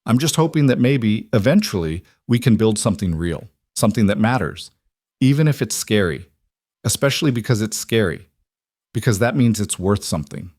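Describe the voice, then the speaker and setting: A man's voice: fairly low pitch, expressive, moderate pace, a little mellow, no room sound, studio quality. A man reading the part of a talkative, cheerful widowed frontier husband, speaking earnestly.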